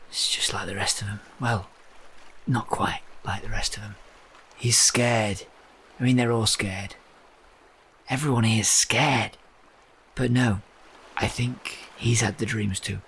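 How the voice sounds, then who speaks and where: A man voices his own character in a tabletop game, measured and wry. His voice is fairly low. A faint noise sits behind him. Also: steady tone, fairly bright tone. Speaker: player. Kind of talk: in-character tabletop role-play.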